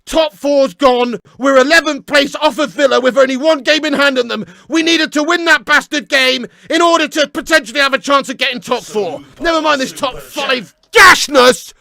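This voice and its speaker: A young Englishman rants furiously into the camera, swearing constantly and breaking into shouts. His voice sits very high and strained, with a gravelly, crackling edge and a bright, sharp tone. The sound is dry and close. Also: moderate pace, few pauses, dry recording. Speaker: fan reaction host. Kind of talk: ranting reaction video.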